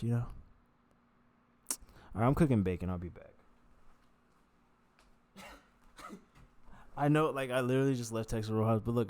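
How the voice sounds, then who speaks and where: A man's voice: fairly low pitch, darkish tone. A man vlogger talking to himself in a rambling, digressive casual monologue.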